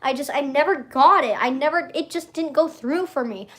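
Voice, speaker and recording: High-voiced young woman rambling on stream. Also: moderate pace, fairly bright tone. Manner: rambling, self-interrupting, giggly. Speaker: livestreamer. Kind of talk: casual stream chat.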